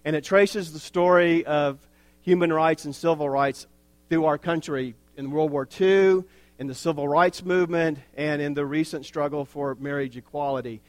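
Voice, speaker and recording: A pastor delivering a sermon in a slow, earnest way, with wry asides. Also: male voice, on the high side, fairly even intonation, no room sound.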